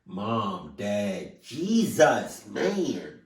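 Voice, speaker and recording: A man's voice: fairly low pitch, wildly swooping pitch, extremely slow, distant mic. A man hosting a reaction video, talking emotionally and swearing often. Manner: emotional, swears often, sudden loud outbursts. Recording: roomy echo, voice set back from mic.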